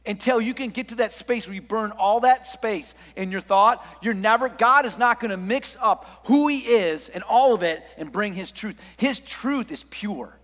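A pastor preaches in a fairly high voice, dropping to quiet asides and then building to loud, emphatic declarations. His words ring out with the long reverb of a large hall. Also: moderate pace, hardly any pauses. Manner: preaching with big swings from hushed to loud. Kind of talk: sermon.

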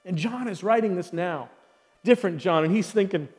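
A man's voice: sits high, normal speed, darkish tone. A male pastor preaching a sermon in a large hall, emphatic, repeating key phrases and asking the audience questions. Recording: long hall reverb.

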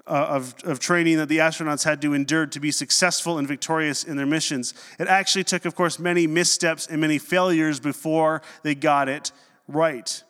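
A male pastor delivers a sermon with lively, conversational energy and a touch of humor. His voice sits a little higher than most men's. A long reverb trails after his words, as in a large hall. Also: smooth. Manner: conversational, animated preaching with humorous asides.

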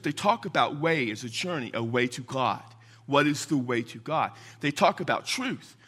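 Animated, bright-voiced male Baptist preacher. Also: on the high side, slightly rough. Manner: emphatic, animated, chuckles between points. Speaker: Baptist pastor. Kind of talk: sermon teaching from scripture.

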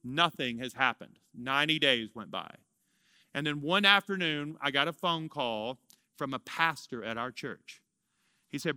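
Man in his 50s, pastor preaching a story; ringing, very bright and smooth tone, lively delivery. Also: medium pitch, moderate pace, no echo. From Louisiana, US. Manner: animated storyteller, swings from excited to hushed. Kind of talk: sermon storytelling.

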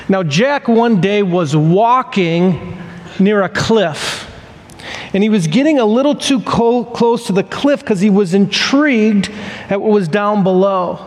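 A man's voice: high-pitched, long reverb tail. A man preaching a sermon as pastor, telling a story in a conversational way.

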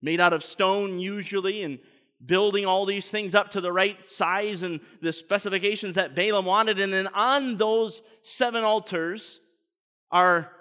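A high, bright male pastor tells a story in an animated way during his sermon. He often stumbles into repeated words. His voice rings with a long reverb in the church sanctuary.

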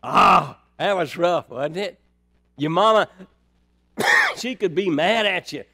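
A man preaching a sermon, folksy and dynamic, dropping to near-quiet then rising high and loud. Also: huge pitch swings, takes it slowly, creaky, husky. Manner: dynamic, swings from soft to loud, folksy asides.

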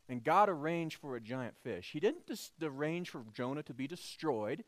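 A male pastor preaches in a church service, telling the story animatedly and slipping into its characters' voices. His voice sits high and swings widely in pitch. The sound is dry and close. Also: expressive, moderate pace, hardly any pauses, no room sound. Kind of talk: sermon.

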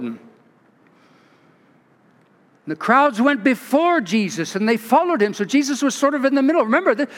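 High-voiced pastor preaching in a reverberant church. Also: male voice. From California. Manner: expressive storytelling, with restarts and asides. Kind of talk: sermon. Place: large church.

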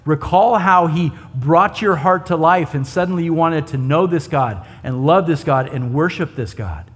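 A man's voice: fairly high pitch, animated, normal speed, slightly rough. A male pastor preaching a sermon in a conversational way, often asking his listeners rhetorical questions. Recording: long hall reverb.

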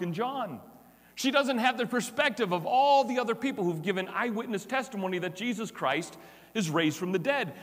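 A man preaching an Easter sermon from the pulpit. He tells the story with dramatic pauses and briefly acts out the people in it. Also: sits high, fairly bright tone, big-room sound. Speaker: pastor.

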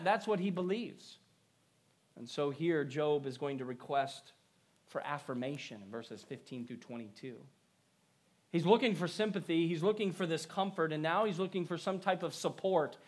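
Earnest preacher with a higher voice. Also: male voice. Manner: earnest preaching with swings between raised emphasis and quiet prayerful lines. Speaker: pastor. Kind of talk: sermon.

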